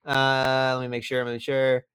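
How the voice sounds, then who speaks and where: A man co-hosting a podcast in casual wrestling chat, swearing freely and getting worked up. His voice climbs high in rants, recorded dry and close with no room sound. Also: fairly quick, clean tone, no room sound. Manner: excitable, swears often, rants with rising pitch. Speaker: podcast co-host.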